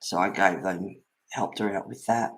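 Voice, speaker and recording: A man's voice: low voice, fairly even intonation, normal speed. Rambling man chatting while colouring. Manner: rambling storyteller, laughs often. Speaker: colouring channel host. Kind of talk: casual chat while colouring. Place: at home.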